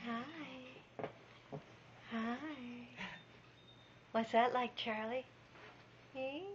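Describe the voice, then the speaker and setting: A woman at home talking to her pet birds in soft, coaxing questions. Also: fairly high pitch, steady tone, drawn-out words. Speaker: pet owner. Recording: dull lo-fi home recording with background noise.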